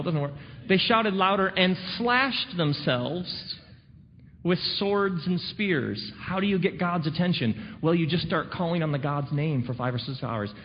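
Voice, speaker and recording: A man preaching a sermon, sardonic and full of dramatic pauses. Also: sits high. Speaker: pastor. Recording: dull recording in a reverberant hall, faint noise.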